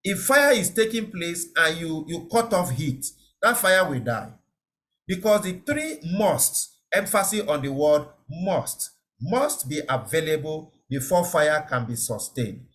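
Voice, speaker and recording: Brief: male safety trainer on a web call, fairly high voice with an animated, up-and-down delivery, repeats key points. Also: measured pace, a little hiss or hum. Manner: explanatory, repeats key words, checks understanding. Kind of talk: online lecture.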